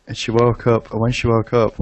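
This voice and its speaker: A man co-hosts a laid-back podcast chat in a middle-pitched voice. He talks haltingly and often pauses to find his words. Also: monotone, no room sound. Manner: hesitant, many ums and uhs. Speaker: podcast co-host. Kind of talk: casual chat.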